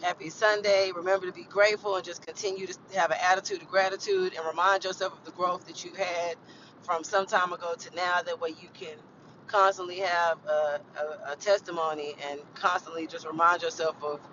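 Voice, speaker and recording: A woman's voice: lowish voice, fairly even intonation, brisk, muffled recording, background noise. Ranting, profane woman podcast host. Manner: candid, profane and ranty. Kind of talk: casual solo podcast rant.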